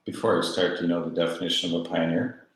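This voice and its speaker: A man's voice: sits low, steady tone, fast. A man who is a guest on an interview show, matter-of-fact with a dry sense of humor. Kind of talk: casual interview talk. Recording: very echoey room.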